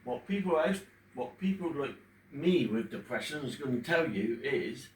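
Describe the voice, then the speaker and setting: A man in his fifties speaking emotionally at home in front of a fish tank, pausing often as he talks about his own experience. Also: medium pitch, lively intonation. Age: 50s. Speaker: vlogger talking about his depression. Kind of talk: unscripted personal talk to camera. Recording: echoey room, distant mic, faint background hum.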